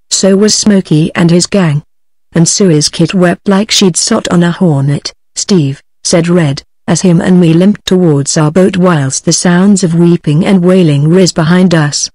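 A computer-generated woman's voice with a British accent, reading a story aloud in an even, measured way. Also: fairly low pitch, no room sound. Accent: British English. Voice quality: even, measured synthetic delivery. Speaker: audiobook reader. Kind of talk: synthetic audiobook narration.

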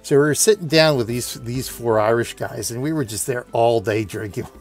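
A man in his forties rambles through a fond story while he plays, laughing often and restarting his sentences. His voice sits at an ordinary middle pitch. Soft game music hums underneath. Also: moderate pace. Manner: chatty, laughing, many restarts. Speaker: gaming video host. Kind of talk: rambling anecdote over gameplay.

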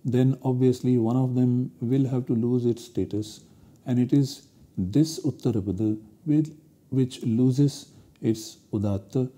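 A man giving a recorded university lecture, explaining grammar rules slowly and deliberately. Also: mid-range voice, mellow.

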